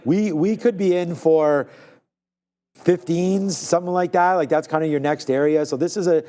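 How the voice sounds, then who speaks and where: Male co-host, casual live market commentary, relaxed chart talk. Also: on the high side, normal speed. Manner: loose, chatty, chart talk with fillers.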